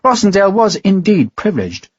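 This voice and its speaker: Husky-voiced man narrating an audiobook. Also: high voice, very animated, brisk, dry recording, highs cut off. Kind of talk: scripted narration.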